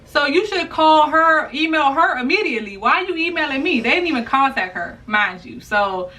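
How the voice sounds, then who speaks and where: A woman vlogger talks straight to camera in a blunt, profane storytime style. She hammers her points by repeating lines. Her voice is high and sharp, and it sounds slightly distant from the mic. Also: very animated, normal speed. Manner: repeats and restarts lines for emphasis. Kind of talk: storytime vlog.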